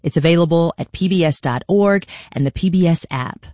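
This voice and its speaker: A radio host announcing the next segment in a clear, scripted way. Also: medium pitch, a little fast, a little mellow, dry recording, clean studio sound.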